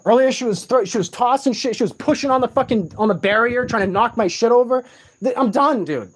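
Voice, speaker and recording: A man's voice: extremely high pitch, expressive, a little fast, breathy edge. A sleep-deprived man in an agitated, profane rant, speaking in a room of a shared home late at night. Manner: agitated, profane, repetitive ranting.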